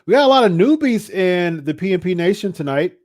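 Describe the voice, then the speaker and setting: A man's voice: high voice, lively intonation, a little fast, a little mellow, dry recording. Man, podcast host, casual live chat, laid-back, repeats phrases, dry close mic.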